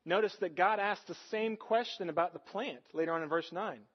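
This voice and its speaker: A man's voice: high voice, fairly quick, muffled recording. A man preaching a sermon as pastor, earnest and conversational, often putting rhetorical questions to the congregation.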